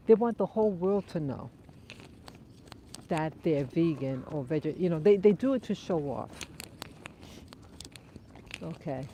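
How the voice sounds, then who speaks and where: Mellow, low-voiced woman live-streaming outdoors. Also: a little hiss or hum. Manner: thoughtful, conversational, reads and answers viewer comments. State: runny nose. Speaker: livestream host. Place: outdoors on a dog walk.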